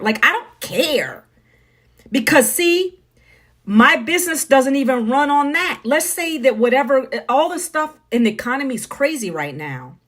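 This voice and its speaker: A middle-aged American woman speaks bluntly and preachily to viewers on a phone live stream, in a casual monologue. Her voice sits high and sing-song, with an unhurried pace and a fairly bright tone.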